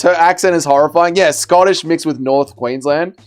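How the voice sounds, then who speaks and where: A man hosts a fight-night watch party stream, chatting casually with his viewers and cursing freely as he reads their messages. His voice sits a bit high and comes through smooth and clear. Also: moderate pace, few pauses. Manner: bantering, reads out chat messages, swears freely. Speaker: livestream host. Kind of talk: casual livestream chat reacting to fights.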